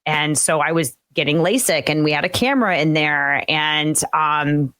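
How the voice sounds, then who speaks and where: A middle-aged woman co-hosting a casual chat, telling a story with lively, rising emphasis. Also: no room sound. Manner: storytelling, animated with quick rising pitch. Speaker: co-host.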